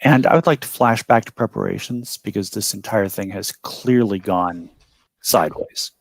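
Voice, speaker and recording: A man's voice: fairly low pitch, moderate pace, gravelly, no room sound. A man playing a character in a tabletop game, talking in a wry, playful way. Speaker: player.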